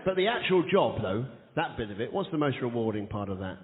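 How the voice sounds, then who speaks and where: A man's voice: mid-range voice, big pitch swings. A man from the south of England hosting a live comedy chat show, firing off puns and joking with the audience. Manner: rapid-fire punning, playful, shouts to the crowd. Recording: echoey hall on a tinny, noisy radio recording.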